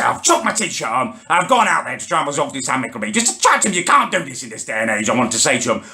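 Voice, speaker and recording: A young man hosting his comedy channel, delivering an indignant rant that keeps rising into shouts. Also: sits high, very animated, fairly quick. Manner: indignant, shouting ranting with Northern English slang.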